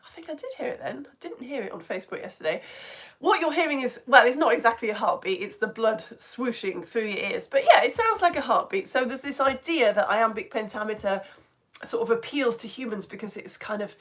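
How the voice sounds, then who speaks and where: A woman's voice: on the high side, very animated, a little fast. A woman teaching a live online lesson for all ages in a chatty, playful way, tapping out rhythms as she talks.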